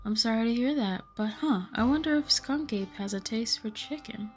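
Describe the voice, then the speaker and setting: A woman's voice: fairly high pitch, moderate pace, a little mellow, pitched above the performer's own voice, lightly acted. A woman voicing a chipper, nosy young female cryptid hunter, reading a game aloud in an upbeat, breezy way. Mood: eager.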